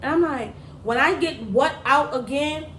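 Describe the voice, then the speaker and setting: A middle-aged woman with a fairly high voice tells a story in casual, slangy chat and laughs her way through it. The room is echoey and has clear background noise. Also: moderate pace. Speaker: mother telling a story on a daughter's channel.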